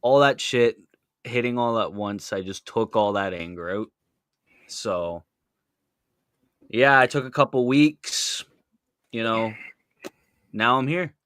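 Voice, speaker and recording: A man's voice: medium pitch, slow pace, pauses often, fairly bright tone, clean tone, no room sound, clean studio sound. A man from Canada in casual podcast chat, laid-back and swearing casually.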